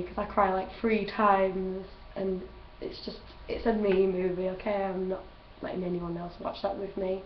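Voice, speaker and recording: A woman's voice: medium pitch, little pitch movement, normal speed, few pauses, a little hiss or hum. A young woman vlogging in a chatty, gushing way and laughing often as she answers questions. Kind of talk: casual chat. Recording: roomy, distant, dull home recording.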